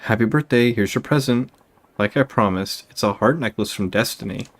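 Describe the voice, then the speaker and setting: A man's voice: medium pitch, normal speed, lightly acted. A man reading aloud for a nervous young boyfriend in a video game, stammering and sheepish.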